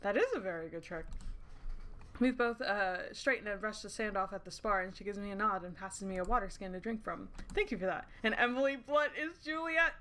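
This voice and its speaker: A woman streaming a story game, reading its lines aloud and reacting with animated, giggly, casual chatter. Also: medium pitch, brisk. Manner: giggly, animated, swears casually, breaks into laughter.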